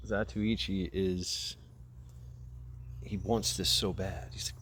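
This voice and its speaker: A man's voice: low voice, fairly even intonation, unhurried, vocal fry, pauses often, a bit bright, slight background noise. A man vlogging outdoors into a camera mic, casually retelling a movie in a rambling, profane way. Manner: rambling, profane, laughs at his own story. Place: outdoors by a path.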